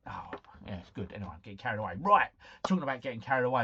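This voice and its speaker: A man's voice: mid-range voice, lively intonation, fast, bright, forceful tone, breathy edge, dull audio. A man hosting a casual live stream, chatting to viewers, reading out quiz scores and breaking into bits of song.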